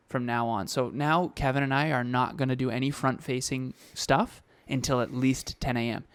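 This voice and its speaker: A man's voice: mid-range voice, fairly even intonation, normal speed, few pauses, clean tone, dry recording. A man co-hosting a podcast in casual motivational chat, emphatic and fond of repeating key phrases. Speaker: podcast co-host.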